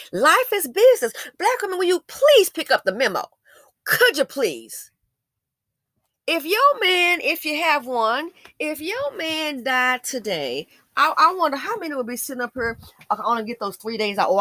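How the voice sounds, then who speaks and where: A woman in giving blunt, preachy commentary straight to her audience. Her voice is bright and sits a little high, and her pitch swings widely as she pushes her points. The recording is close and dry, and she trips over restarts whenever the heat rises. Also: dry recording. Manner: blunt, preachy, frequent restarts and stammers when heated. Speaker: commentary channel host. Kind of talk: impassioned commentary monologue.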